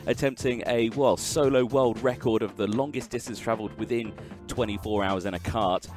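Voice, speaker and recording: A man's voice: lowish voice, fairly even intonation, moderate pace, darkish tone, soft background music. A man hosting a podcast, introducing the show and guests in an upbeat, chatty way. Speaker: podcast host. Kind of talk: casual podcast chat.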